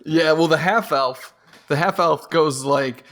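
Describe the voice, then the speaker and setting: A man's voice: mid-range voice, moderate pace. A man co-hosting a podcast, casually discussing a book and acting out lines from it as he retells it. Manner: animated retelling, acts out quotes. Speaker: podcast co-host.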